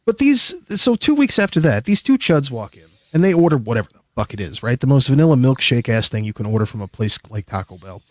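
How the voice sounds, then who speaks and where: Animated, foul-mouthed man telling a story. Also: medium pitch, quick pace, hardly any pauses, dry recording. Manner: rambling, profane, animated storyteller. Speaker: streamer guest. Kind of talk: casual storytelling on a livestream.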